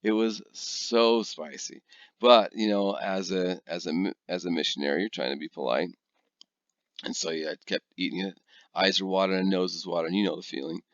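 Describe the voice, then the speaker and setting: A man teaching a recorded lecture, telling stories in an animated way and often checking in with his listeners. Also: sits low, moderate pace, no echo. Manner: animated storyteller, checks in with "okay?". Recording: dull lo-fi dry recording.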